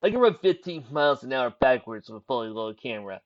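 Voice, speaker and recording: Guy doing a cocky laid-back young camera pony, lively voice, lo-fi. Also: mid-range voice, quick pace, lightly acted. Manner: cocky and casual. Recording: dull lo-fi recording.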